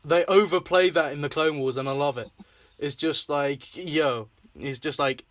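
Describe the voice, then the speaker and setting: A man's voice: on the high side, moderate pace, dry recording. A young man hosting a casual chat, laughing often, swearing freely and acting out scenes in little voices. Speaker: host.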